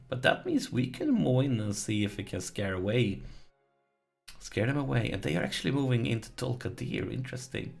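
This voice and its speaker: A man's voice: medium pitch, very animated, brisk, vocal fry, darkish tone, soft background music. A man commenting on his strategy game as he plays, pleading with it and groaning when it goes wrong. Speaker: let's play host.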